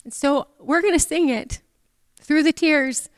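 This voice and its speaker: A woman's voice: high-pitched, unhurried, dry recording, big-room sound. Tearful woman giving a memorial tribute. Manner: tearful, emotional, speaks of feelings openly. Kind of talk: heartfelt memorial tribute speech. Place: church.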